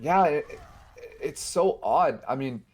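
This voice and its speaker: Lively, excitable male esports caster. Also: on the high side. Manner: excitable, quick play-by-play with frequent restarts. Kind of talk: live esports commentary.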